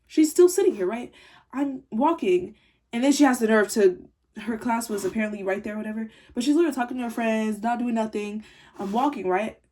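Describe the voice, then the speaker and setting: A woman's voice: on the high side, a little fast, mellow. A teenage girl telling a rambling, irritated story about a classmate in a casual video diary. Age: teens. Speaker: vlogger.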